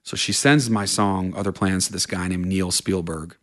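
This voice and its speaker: A man with a very low, deep voice tells his story in an interview, earnest and unpolished. His sentences run on and tumble over each other as the memories come. It sounds like a casual sit-down chat. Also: fairly even intonation, normal speed, fairly bright tone. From Vermont, USA. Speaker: guest, country singer.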